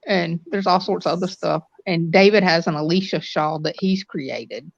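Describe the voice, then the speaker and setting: This older woman has a lowish voice and talks in a chatty, rambling way, walking through the details patiently. The audio is dry and close, with a dull, lo-fi quality from the stream. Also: moderate pace, creaky, no room sound. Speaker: guest on a live stream panel. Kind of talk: casual chat.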